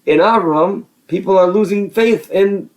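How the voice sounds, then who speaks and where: A Torah teacher with a high-pitched, slightly slow voice reads Hebrew phrases from a religious text and renders each into casual English. He often repeats words and restarts his sentences.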